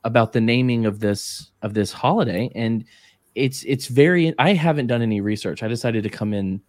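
A man's voice: mid-range voice, normal speed, a little mellow, no room sound. A man co-hosting a casual podcast, joking and rambling loosely, on a close, dry mic. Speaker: podcast co-host.

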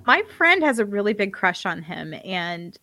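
Woman co-host, casual podcast chat, chatty and playful, mid pitch, dry close mic. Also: sing-song, moderate pace, sharp tone, no room sound. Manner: chatty, laughs while talking, playful asides.

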